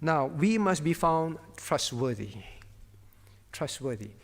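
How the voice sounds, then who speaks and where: A man's voice: on the high side, expressive, slow, big-room sound. A man as pastor teaching a Bible class, quizzing his students by name and hammering home his point through repetition.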